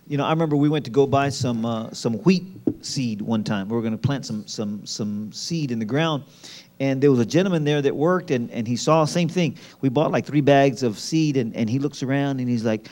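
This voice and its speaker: A man sharing ministry stories in an animated way, repeating phrases for emphasis. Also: mid-range voice, brisk. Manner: lively, repeats words for emphasis. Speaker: pastor. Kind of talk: animated storytelling.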